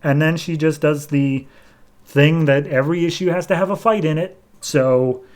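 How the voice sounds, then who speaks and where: A man's voice: on the high side, steady tone, moderate pace. A man hosting a podcast, recapping a comic book in a loose, chatty way and paraphrasing what the characters say. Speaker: podcast host.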